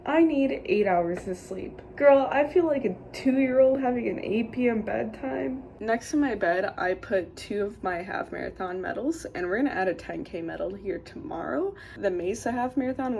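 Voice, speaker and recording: A woman's voice: medium pitch, a little mellow, slight background noise. A young woman from Minnesota in a chatty, joking vlog, poking fun at herself as she talks through her day. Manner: chatty, joking, self-mocking. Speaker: vlogger. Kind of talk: casual vlog chat.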